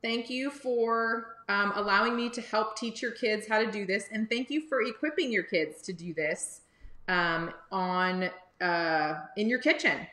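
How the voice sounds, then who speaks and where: A woman's voice: mid-range voice, measured pace, pushed and bright, reverberant. A woman hosting a live cooking lesson for kids from a home kitchen, chatty and encouraging as she talks to viewers. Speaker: cooking teacher and livestream host. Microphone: phone or camera on livestream.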